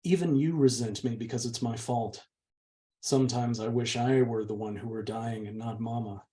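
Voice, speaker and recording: A man reading aloud, voicing a meek and gentle young woman who pleads softly with her older sister. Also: mid-range voice, steady tone, normal speed, lightly acted. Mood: sad. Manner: soft, pleading. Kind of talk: audiobook reading.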